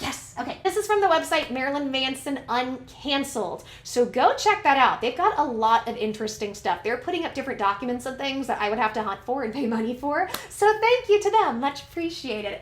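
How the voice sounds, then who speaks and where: A woman's voice: fairly high pitch, expressive, fairly quick, few pauses, roomy sound. A woman hosting casual commentary, chatting and reading documents aloud, sometimes stumbling over names and words. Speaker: commentary channel host.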